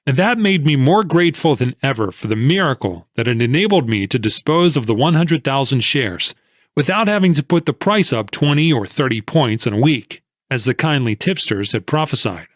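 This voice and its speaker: A man's voice: mid-range voice, lively intonation, normal speed, no echo, studio quality. A man narrating an audiobook in the first person, telling the story expressively.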